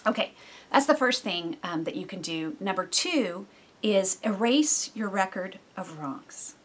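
Husky-voiced woman preaching conversationally. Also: mid-range voice, unhurried. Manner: conversational and animated, with frequent asides. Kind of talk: sermon.

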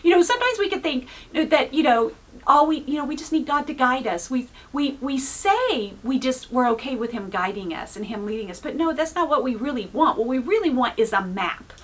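A woman's voice: sits high, animated, a little fast. A woman pastor giving an informal, earnest sermon, full of "you know" fillers. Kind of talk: conversational sermon.

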